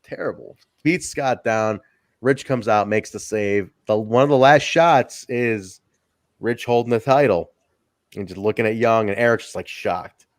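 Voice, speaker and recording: A man hosting a podcast, recapping a wrestling show in casual, excited, profane chat. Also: fairly low pitch, measured pace, no room sound, clean studio sound. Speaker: podcast host.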